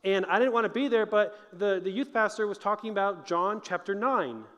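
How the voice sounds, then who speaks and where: A man's voice: high voice, moderate pace, a bit bright, big-room sound. A man giving an earnest, conversational chapel talk to college students as a motivational speaker.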